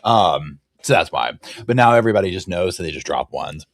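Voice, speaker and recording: A low-pitched man with a drawl hosts a true crime stream from his sofa. He rambles and throws in animated, acted-out quotes. His voice sits close and dry on the mic. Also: fairly quick, vocal fry, dry recording. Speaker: true crime livestream host. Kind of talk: casual live chat reacting to viewers. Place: home, dogs barking nearby.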